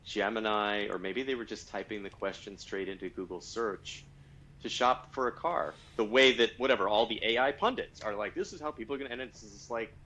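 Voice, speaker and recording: Low-voiced man with bright tone. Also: steady tone, normal speed, low-quality recording. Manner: rambling, many fillers and restarts. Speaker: podcast co-host. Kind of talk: casual podcast chat.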